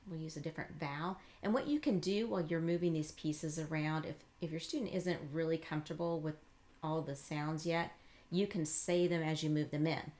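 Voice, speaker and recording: A woman reading teacher giving a patient, encouraging lesson, slowly modeling letter sounds and explaining each step. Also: low voice, steady tone, a little mellow. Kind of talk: instructional demonstration.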